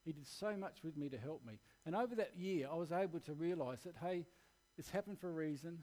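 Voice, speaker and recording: A man's voice: a little high, brisk, darkish tone. An Australian man preaching a sermon, telling a candid personal story in an earnest, plain-spoken way.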